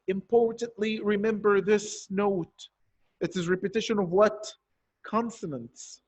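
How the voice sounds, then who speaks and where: A male teacher giving an online poetry lesson, explaining step by step and asking and answering his own questions. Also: high-pitched. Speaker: primary school teacher.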